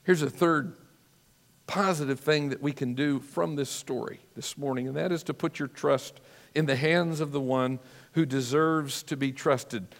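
A man preaching a sermon as a pastor, earnest and measured, telling stories with drama. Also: fairly high pitch, fairly even intonation, long reverb tail.

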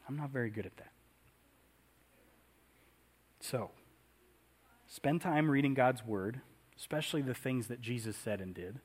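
A man's voice: medium pitch, a little slow, pauses often, slightly rough. A man preaching a conversational sermon in a church, often asking the congregation questions. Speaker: pastor.

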